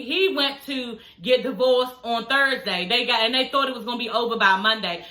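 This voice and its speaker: Woman, young adult, sassy gossipy recap, high voice, echoey room. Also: pushed and bright. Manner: gossipy, sassy, swears freely, laughs often. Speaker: reality TV reviewer. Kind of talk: casual recap commentary.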